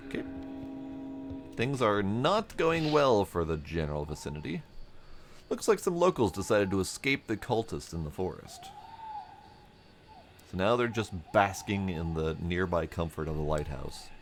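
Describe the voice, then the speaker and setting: A man's voice: low-pitched, very animated, normal speed, long pauses, slight background noise. A gaming streamer, a man, making dry, wry asides while playing, his throat a bit strained. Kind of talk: game commentary.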